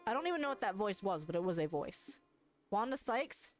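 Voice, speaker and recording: A woman's voice: medium pitch, big pitch swings, fairly quick. A woman streamer chatting casually and joking at her own expense while she plays a game. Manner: chatty, self-mocking, laughs often. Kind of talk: casual let's play commentary. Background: game music.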